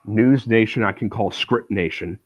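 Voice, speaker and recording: A man's voice: lowish voice, normal speed, no room sound, lo-fi sound. A man streaming live, chatting casually in a rambling, sarcastic way with many filler words.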